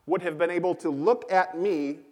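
Guy preaching in a church, kinda high voice, lots of uh and like, echoey hall. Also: moderate pace. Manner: conversational, with frequent fillers and repeated key lines. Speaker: pastor. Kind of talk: sermon. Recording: long hall reverb.

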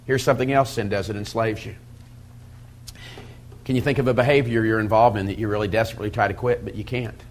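A middle-aged man preaching to a men's Bible study in a conversational style, swinging from loud emphasis to quiet, intense asides. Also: lowish voice, fairly even intonation, fast. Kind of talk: sermon.

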